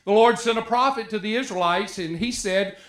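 Speaking a little fast in a high, slightly bright voice, this male pastor keeps his sermon casual and full of jokes. He throws rhetorical questions at the congregation, and the church room echoes around him.

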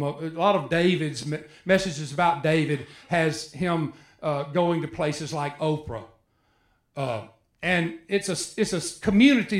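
High-voiced man preaching in an echoey room. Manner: animated, acts out biblical voices with rising pitch. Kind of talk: sermon.

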